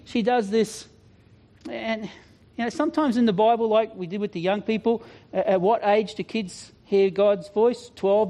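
A man's voice: high voice, darkish tone. A man preaching as a youth pastor, telling stories in a chatty, humorous way with asides. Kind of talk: sermon.

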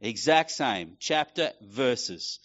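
A man's voice: medium pitch, lively intonation, slow pace, a bit bright, muffled recording. A middle-aged man preaching a casual sermon, acting out quoted voices as he tells a story. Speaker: pastor.

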